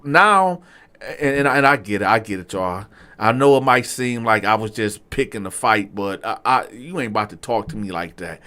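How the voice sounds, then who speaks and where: A man casually telling his own story to viewers in slangy talk, swinging from low asides to loud outbursts. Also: lively intonation, moderate pace.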